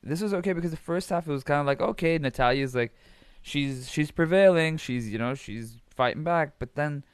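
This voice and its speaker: Rambling, profane podcast host. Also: male voice, on the high side, a little fast, clean tone, no room sound. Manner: rambling, profane, laughs often. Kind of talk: casual wrestling recap chat.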